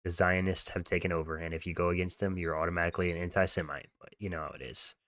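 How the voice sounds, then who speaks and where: Young dude streaming, low voice, slangy and offhand, reads chat, dry sound. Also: male voice, steady tone, fast talker, fairly bright tone, no echo. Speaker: livestream host. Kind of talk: casual livestream chat, reading viewer comments.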